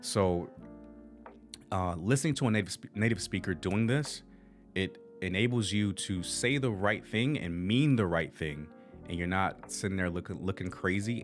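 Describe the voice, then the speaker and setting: An American man hosting a casual livestream of tips, rambling in a conversational way and talking straight to his viewers. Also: deep voice. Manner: rambling and conversational, with frequent restarts, addressing viewers directly. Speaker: channel host.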